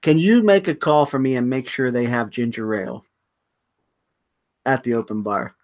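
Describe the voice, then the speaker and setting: A man's voice: medium pitch, normal speed. A man co-hosting a casual podcast, playful and wisecracking, laughing often. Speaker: podcast co-host.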